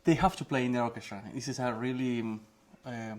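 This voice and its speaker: A man from Venezuela whose first language is Spanish, speaking English with a Venezuelan Spanish accent, halting and searching for words in a casual interview. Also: mid-range voice, slight background noise. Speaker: guest musician.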